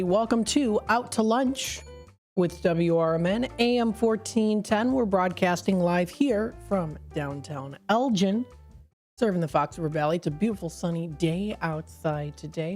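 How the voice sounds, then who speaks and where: A woman's voice: fairly low pitch, darkish tone. A woman hosting a live local radio show, chatting casually with lots of fillers and little laughs. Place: radio studio. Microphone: studio microphone.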